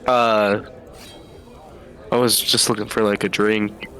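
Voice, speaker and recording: A man's voice: on the low side, level tone, slow pace, fairly bright tone. Dry matter-of-fact male player. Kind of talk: casual chat.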